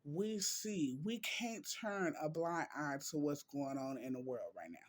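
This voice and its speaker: A man vlogging in an emotional, heartfelt way, reading quotes and talking slowly with drawn-out words. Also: fairly high pitch, expressive. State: emotional, near tears.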